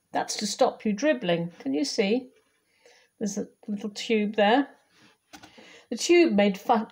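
A woman volunteer reading a children's picture book aloud, lively and talking straight to young listeners. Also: mid-range voice. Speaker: volunteer storybook reader.

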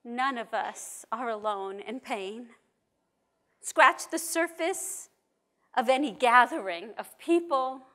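A woman rabbi from New York giving a measured, emphatic talk at a conference. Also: on the high side, pushed and bright. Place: conference hall.

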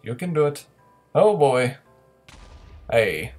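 A young man casually commentating his own gameplay, playfully taunting opponents and bursting into loud excitement during fights. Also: lowish voice, takes it slowly, soft background music. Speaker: gaming commentator.

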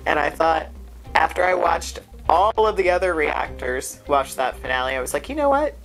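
A woman hosting a reaction video in casual chat, excitable and gushing, sounding stuffed up from crying. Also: normal speed, creaky, soft background music. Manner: excitable, gushing, with big pitch jumps.

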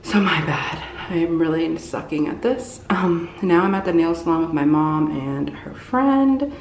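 A woman's voice: sits low, expressive, unhurried, slight background noise. A young woman chatting casually to the camera as a vlogger, loose and rambling with many fillers. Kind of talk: casual vlog haul chat.

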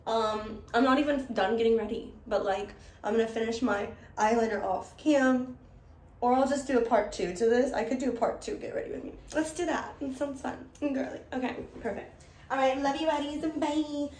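A woman's voice: sits high, steady tone, normal speed, darkish tone. A woman chatting casually through her makeup routine, swearing a lot, laughing often and rambling. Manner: profane, giggly and rambling. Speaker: beauty vlogger. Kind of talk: casual get-ready-with-me chat. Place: indoors while doing makeup. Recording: roomy with faint ambience.

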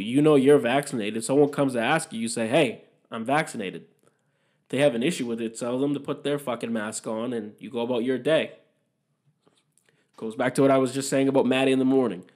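A man's voice: mid-range voice, darkish tone. A young man hosting a podcast, talking alone in a candid, opinionated and rambling way, swearing freely. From Massachusetts, USA. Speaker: podcast host. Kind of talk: casual solo podcast monologue.

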